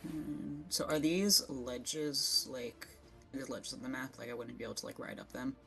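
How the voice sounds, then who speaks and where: A player in a tabletop game talks casually at a mid pitch. They ask easygoing questions while planning their moves, with faint music in the background. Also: normal speed, gravelly, a bit bright.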